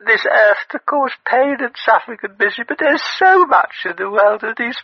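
A tearful older caller, played by a woman, gushing and rambling about her feelings. Her voice is high and swoops widely, with a dull, dry sound. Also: lively intonation, a little fast, slightly rough, no room sound. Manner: emotional, rambling. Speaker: radio phone-in caller.

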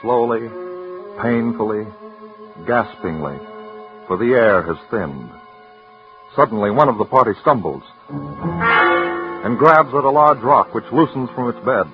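A man narrating an old radio drama in a measured, suspenseful way, building tension line by line. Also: mid-range voice, lively intonation. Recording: dull old radio recording with music.

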